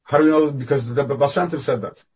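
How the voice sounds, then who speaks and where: A man giving a Torah class over a video call, talking animatedly with sudden jumps up and down in pitch and loudness. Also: fast talker, breathy edge. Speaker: rabbi teaching a class.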